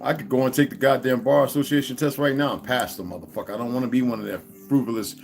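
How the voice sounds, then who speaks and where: A man delivering a profane, confrontational ranting monologue as an online commentator, swinging from loud outbursts to low mutters. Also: steady tone, quick pace, creaky, faint music behind.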